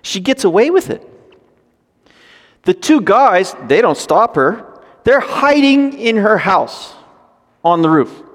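A man preaching a sermon, reading scripture and breaking into animated, joking asides. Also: high voice, slow pace, pauses often. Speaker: pastor. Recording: long hall reverb.

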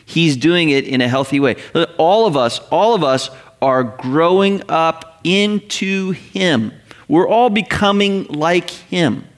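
A middle-aged male pastor preaching to his congregation with a slightly high voice. He talks in a loose, conversational way. He slips into quick little acted-out voices for the people he quotes. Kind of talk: sermon.

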